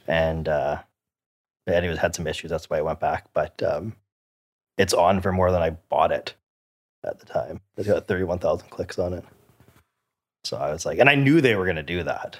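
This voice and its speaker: Guy hosting a podcast, really deep voice, easygoing back-and-forth chat. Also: moderate pace, long pauses. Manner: conversational, ends points with "right?".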